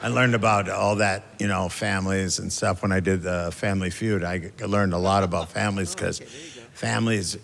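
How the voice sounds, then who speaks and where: A man performing a stand-up routine with wry, deadpan family stories and lively mimicry of his relatives. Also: low voice, a little fast. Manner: wry, deadpan storytelling that jumps into family voices. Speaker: stand-up comedian. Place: large theater stage with a laughing audience. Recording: long hall reverb, clear audience noise.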